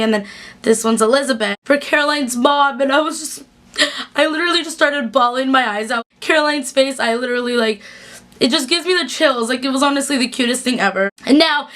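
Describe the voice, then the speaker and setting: A young woman gushing through a casual episode recap in a chatty, excitable way, full of "like". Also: high-pitched. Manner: gushing, chatty, fast bursts with fillers like "like". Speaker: TV recap vlogger.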